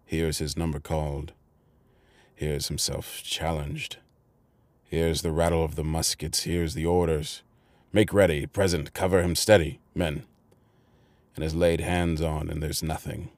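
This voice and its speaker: A gruff, ravenous convict, suspicious of everything around him, as a man reads him. His rough country speech sits in a very deep register. The sound is dry and close. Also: flat delivery, a little slow, darkish tone, no room sound.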